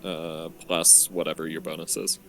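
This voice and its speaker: A man's voice: deep voice, level tone, normal speed, background noise. A man playing a tabletop game, speaking in an offhand, hesitant way. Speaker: player.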